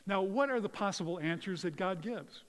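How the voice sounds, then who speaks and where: An earnest male pastor delivering a sermon with a fairly high voice. He drops to hushed, tender tones and then rises to loud emphasis. His words ring with the long reverb of a hall. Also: moderate pace.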